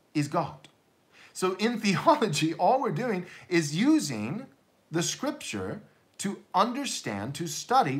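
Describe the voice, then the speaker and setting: A man preaching a sermon as pastor, blunt and emphatic, often restarting his words in quick repeats. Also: sits high, a bit bright.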